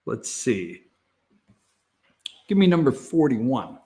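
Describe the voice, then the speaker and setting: A man's voice: medium pitch, darkish tone. A man hosting an opinionated morning talk show from an office, blunt and sarcastic, chuckling between self-mocking asides to the camera. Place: office studio. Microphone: facing a camera.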